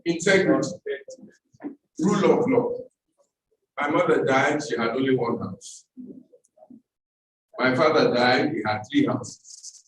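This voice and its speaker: A man's voice: medium pitch, takes it slowly, pauses often. A man with a Nigerian accent giving a seminar talk, telling a story with emphatic repetition. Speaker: seminar speaker. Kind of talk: storytelling speech. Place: seminar hall. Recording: echoey hall, speaker far from mic.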